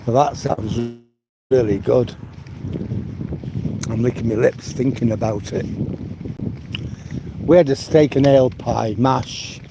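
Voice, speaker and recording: A man chats away while out walking in the countryside, rambling and leaning on "you know" often. His voice sits at an ordinary middle pitch. Clear outdoor noise and the odd passing vehicle sit behind him on a phone recording. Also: slow, pauses often. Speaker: live-stream host. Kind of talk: casual chat while walking. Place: outdoors on a rural walk.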